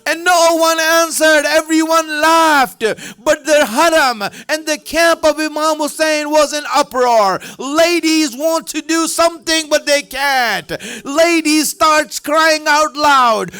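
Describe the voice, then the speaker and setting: A man delivering an emotional sermon as a story, repeating lines and at times shouting or breaking into tears. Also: very high-pitched, takes it slowly, few pauses. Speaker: speaker at a religious center. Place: religious center hall.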